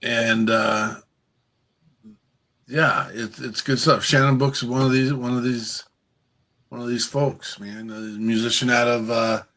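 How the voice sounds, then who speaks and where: Man, podcast host, casual chat, halting, hesitant, plain voice. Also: medium pitch, fairly bright tone. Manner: halting, with many fillers and restarts.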